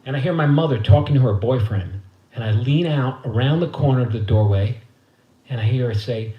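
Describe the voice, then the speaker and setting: A man's voice: mid-range voice, fairly quick, dark tone. A middle-aged man, telling a loose, profane story from his living room and acting out the voices of the people in it. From Queens, New York. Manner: casual, profane, laughing storyteller who acts out voices. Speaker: musician and host. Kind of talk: storytelling between songs on a livestream. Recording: echoey room with guitar.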